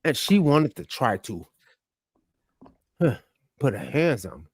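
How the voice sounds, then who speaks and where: Loud, profane man telling a bar story. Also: medium pitch, measured pace, breathy edge, no room sound. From United States. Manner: loud, profane, animated storytelling with sudden drops to mutters. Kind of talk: casual chat.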